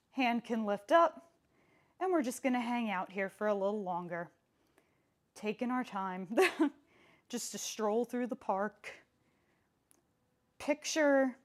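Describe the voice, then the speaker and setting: Young woman as a live pilates instructor: slow, chatty and playful delivery, a touch breathless during the holds. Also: on the high side. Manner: chatty and playful, counts reps aloud, laughs often.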